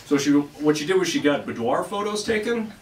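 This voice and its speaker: A man's voice: fairly high pitch, animated, fairly quick. Rambling stand-up comedian man, echoey room. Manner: rambling, self-deprecating, acts out dialogue. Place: comedy club stage with a laughing crowd. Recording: echoey room, recorded from a distance, loud background noise.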